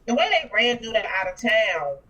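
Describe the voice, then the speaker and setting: A woman's voice: a little high, sing-song, normal speed, sharp tone, breathy edge, lo-fi sound. A woman guest on a podcast giving frank, opinionated reactions in casual chat.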